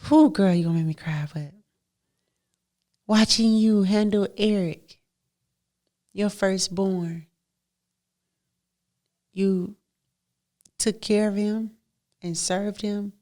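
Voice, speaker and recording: A woman's voice: medium pitch, fairly even intonation, slow, long pauses, warm tone. A woman, hosting a heartfelt solo podcast, emphatic and repetitive, laughing often. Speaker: podcast host.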